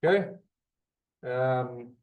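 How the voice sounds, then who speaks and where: A man's voice: medium pitch, drawn-out words, darkish tone. A man teaching a language class in a classroom. He explains patiently and step by step, and often checks that the class is following. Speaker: Hebrew teacher. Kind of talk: classroom lesson.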